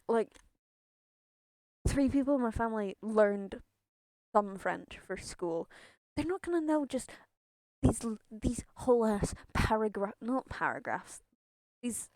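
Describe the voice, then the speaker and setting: A woman's voice: a little high, darkish tone, no room sound. A young woman streaming a game, chatting in a rambling way, swearing and laughing often. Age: young adult. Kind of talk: casual gameplay chatter.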